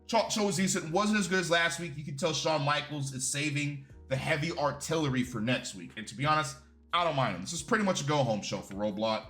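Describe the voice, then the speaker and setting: A man reviews a wrestling show in a casual, animated way, full of swearing and strong opinions. His voice is bright and sits a little high, with faint music behind him. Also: fast.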